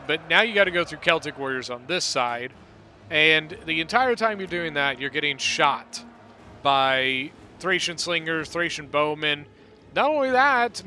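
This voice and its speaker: A man giving relaxed, rambling play-by-play commentary on a strategy game battle, often correcting himself mid-sentence. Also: fairly high pitch, a little hiss or hum. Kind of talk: casual gameplay commentary.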